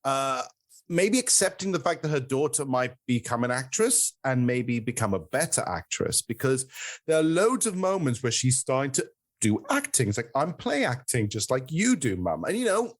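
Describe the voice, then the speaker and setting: A man's voice: medium pitch, normal speed. A man co-hosting a podcast, chatting casually about a film, acting out quotes with plenty of fillers. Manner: animated, acts out quotes, many fillers. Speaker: podcast co-host. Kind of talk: casual film review chat.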